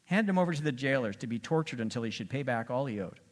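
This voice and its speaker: A man preaching a sermon as pastor, swinging between loud emphatic lines and quiet asides. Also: mid-range voice, expressive, fast.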